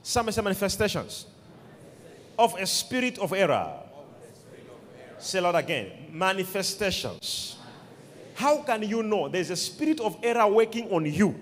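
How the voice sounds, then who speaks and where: A man's voice: high voice, sing-song, unhurried, pauses often. A man preaching a sermon, emphatic, repeating key words and calling on the congregation to respond. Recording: long hall reverb.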